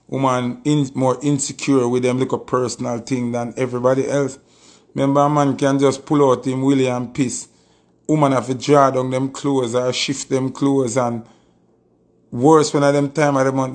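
A man's voice: mid-range voice, creaky, a little mellow. A man with a Jamaican Patois accent, talking casually on a live stream and telling a story with emphatic, repeated oaths.

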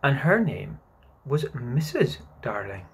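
Man doing a motherly young girl, storybook reading, patient, coaxing, breathy, lilting. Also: medium pitch, sing-song, takes it slowly, heavily acted. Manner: gently coaxing, sighs at interruptions.

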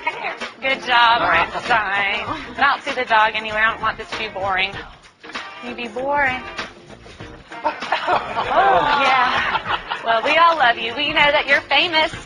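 Lady chatting sweetly to her parrot, real high voice, loud music in back. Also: unhurried, rough recording. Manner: sweet, coaxing, teasing. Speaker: pet parrot owner. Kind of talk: playful talk to a pet.

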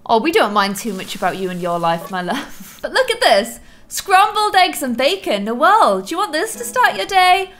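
A young woman talks through her gameplay in a bright, high voice that swings up and down constantly. She gasps, teases and scolds the characters on screen like a fond onlooker. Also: moderate pace. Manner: animated, gasping, teasing asides to players. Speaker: let's play host. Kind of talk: casual gameplay commentary.

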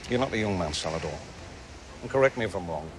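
Drama clip, noisy: Geordie old seadog knight, low calm voice. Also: male voice, fast talker. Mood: dry. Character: weathered older sailor knight.

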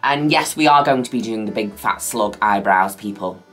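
Woman, makeup vlogger, camp and chatty, very lively delivery. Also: moderate pace, faint music behind. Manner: chatty, camp and playful, drops a flat low "people" at line ends. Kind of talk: casual makeup tutorial chat.

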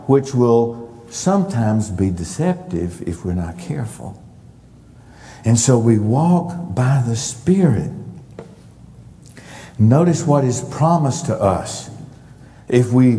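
A male pastor delivers a sermon in an unhurried, emphatic cadence, stressing single words for weight. His voice is mellow and warm. It rings out with the long reverb of a church sanctuary. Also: medium pitch.

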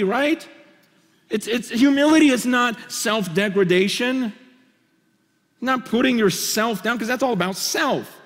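A man preaching a conference sermon, impassioned and swinging between loud and hushed, often stammering and restarting phrases. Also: extremely high pitch. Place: conference hall. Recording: long reverb of a large hall.

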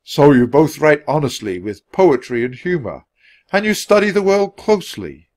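A man voicing a wise, calm Roman emperor in a storybook reading, with measured, dignified speech. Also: a little high, voice pushed up.

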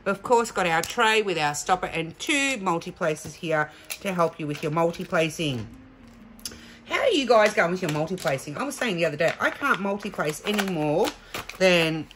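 A woman's voice: on the low side, animated, moderate pace, a bit bright, a little hiss or hum. A woman chatting through a craft kit unboxing, gushing and emotional. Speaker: crafting vlogger. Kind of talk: casual unboxing chat.

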